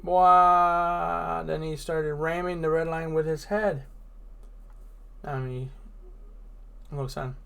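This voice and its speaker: Man, casual comic read-aloud, offhand, describing panels, slightly high voice. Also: fairly even intonation, slow, long pauses. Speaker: reader.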